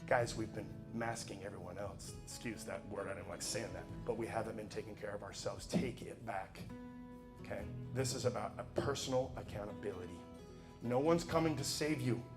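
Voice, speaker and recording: A man giving a motivational speech in an emphatic, preachy way, dropping to quiet asides and then pushing to loud exhortation. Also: on the low side, brisk, over music. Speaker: motivational speaker.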